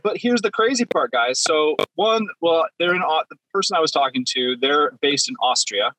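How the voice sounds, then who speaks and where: A man's voice: on the high side, lively intonation, moderate pace, pushed and bright, no room sound, low-quality recording. A man chatting casually on a podcast from the driver's seat of his parked car, rambling and self-deprecating. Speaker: podcast guest. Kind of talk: casual chat.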